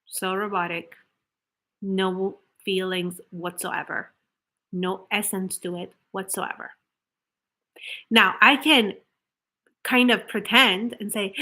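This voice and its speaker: A woman's voice: mid-range voice, slow pace, pauses often. A woman manifestation coach giving an earnest motivational talk to camera, explaining with rhetorical questions and restarts. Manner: acts out flat, hollow example affirmations.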